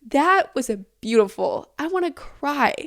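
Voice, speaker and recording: A woman's voice: sits high, big pitch swings, a little slow, vocal fry. A woman in her late teens hosting a casual solo podcast, talking in a candid, rambling way with lots of swearing and "like". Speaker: podcast host.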